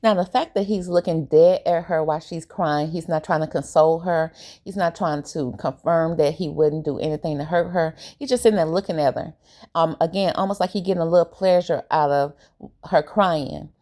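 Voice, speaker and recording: A woman giving a casual, opinionated recap of a reality TV episode, animated and colloquial. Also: low voice, moderate pace. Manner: animated, opinionated, briefly acts out quoted lines; relaxed colloquial grammar.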